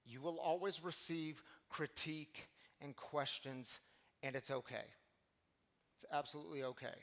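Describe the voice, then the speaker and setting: Man, pastor, sermon, storytelling, fairly high voice, talks straight to the room. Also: unhurried. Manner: storytelling, addresses the congregation directly.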